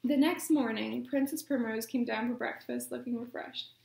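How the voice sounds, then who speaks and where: A woman reading a children's story aloud at storytime, gently and measured. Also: fairly high pitch, creaky, slight background noise. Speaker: storytime reader. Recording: echoey room.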